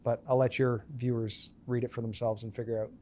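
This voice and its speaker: A man's voice: mid-range voice, fairly quick, a little hiss or hum. A man in his thirties, a podcast guest, telling stories and acting out the dialogue in them. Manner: animated storyteller acting out quoted dialogue. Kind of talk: storytelling interview.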